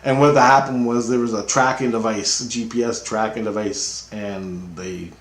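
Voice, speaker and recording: A man's voice: on the low side, steady tone, moderate pace, roomy sound. A man telling a rambling personal story in a casual, profane way, laughing often as he talks.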